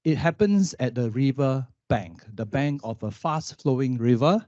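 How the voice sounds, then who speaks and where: A man and youth worker on a conference panel, telling a story with lively questions to the audience. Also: mid-range voice, measured pace, dry recording, muffled recording.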